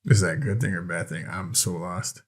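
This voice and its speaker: Low-pitched guy, dry sarcastic podcast co-host. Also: a little fast, slightly rough. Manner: dry, sarcastic banter, swears casually. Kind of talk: casual chat.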